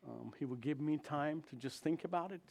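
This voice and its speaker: A man who is a chaplain, telling a story of his trip to a congregation in an animated way and acting out the dialogue. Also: brisk, creaky, breathy edge. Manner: animated, acts out dialogue with big jumps in pitch and volume. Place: church.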